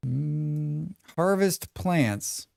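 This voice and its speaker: With a slightly high, gravelly, and somewhat mellow voice, an American streamer talks very slowly to his live chat during gameplay. His commentary is casual, full of rambling asides and tutorial text read aloud.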